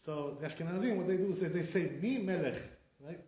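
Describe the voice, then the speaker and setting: A rabbi teaching pronunciation in a classroom lesson, his man's voice sitting a bit high. He keeps correcting and repeating words, asking his listeners rhetorical questions. The room sounds echoey around him. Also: rapid-fire, dark tone.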